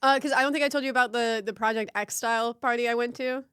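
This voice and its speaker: A young woman co-hosts a loose comedy podcast and rambles through her stories. Her sentences trail off and she fills them with "like", in a smooth, clear voice. The sound is dry and close. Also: on the high side, fairly even intonation, quick pace, a bit bright, no echo. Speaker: podcast co-host. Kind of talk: casual comedy podcast chat.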